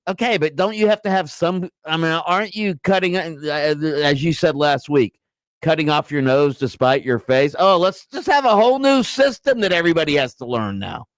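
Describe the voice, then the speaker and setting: A man's voice: a little high, animated, moderate pace, dry recording. A man co-hosting a sports talk radio show, pushing back with skeptical, insistent questions.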